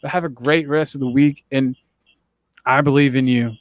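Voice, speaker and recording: A man's voice: mid-range voice, steady tone, moderate pace, dry recording, studio quality. A young man hosting a casual chat, joking and teasing in a playful, self-mocking way. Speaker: podcast host.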